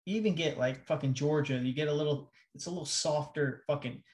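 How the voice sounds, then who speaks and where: A man chats loosely on a podcast, full of swearing and stop-start restarts. His voice sits a little higher than usual for a man. He sounds laid-back and unpolished. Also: fairly quick, a little mellow. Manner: loose, profane, rambling with restarts. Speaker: podcast co-host. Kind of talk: casual chat.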